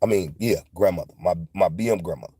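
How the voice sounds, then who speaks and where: A man's voice: sits low, fast talker, warm tone, husky, no room sound. A man, telling a loose, profane story in a casual monologue and retelling dialogue in quotes. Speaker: podcast host.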